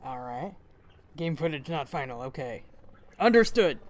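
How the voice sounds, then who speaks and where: A man's voice: a little high, expressive, normal speed. A man hosting a casual reaction video, chatty and exclaiming, often laughing. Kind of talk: casual live reaction commentary.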